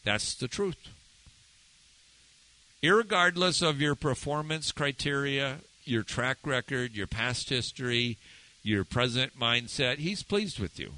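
Preaching slowly with a bright, forceful tone, a pastor keeps his sermon conversational. He frequently asks the congregation questions and shifts pitch to stress points. The audio is poor.

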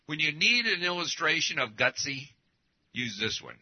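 A man's voice: fairly high pitch, sing-song, moderate pace, muffled recording. A man preaching a sermon as pastor, emphatic, with pointed rhetorical questions to the congregation.

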